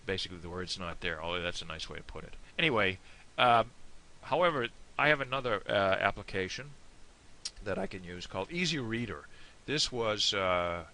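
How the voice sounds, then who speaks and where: A man's voice: low-pitched, sharp tone. An American man giving a casual, rambling lesson on a toast, with many fillers and self-deprecating asides. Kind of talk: casual screen-share lesson. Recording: faint hiss.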